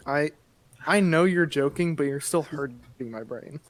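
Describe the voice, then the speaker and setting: Young male podcast co-host, slightly high voice, animated banter. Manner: jokey, animated, quick bursts. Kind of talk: casual chat.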